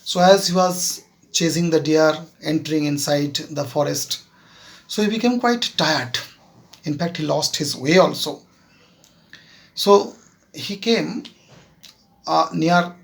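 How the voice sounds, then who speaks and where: A man with an Indian English accent, a teacher slowly retelling a moral story to his students and often checking with them. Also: fairly high pitch. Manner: keeps checking with "Clear?"; slow, halting retelling with fillers. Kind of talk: classroom storytelling lesson.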